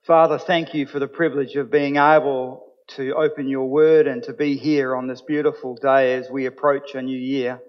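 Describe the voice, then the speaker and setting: A man's voice: mid-range voice, flat delivery, normal speed, hardly any pauses. A man preaching a sermon as pastor, earnest and building to emphatic points. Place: church. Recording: dull sound with long hall reverb.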